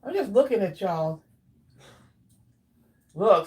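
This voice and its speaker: A woman hosting a casual craft livestream, chatting warmly with viewers by name and drawing out her exclamations while she eats. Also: mid-range voice, animated, takes it slowly. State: eating while talking. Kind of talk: casual live chat with viewers.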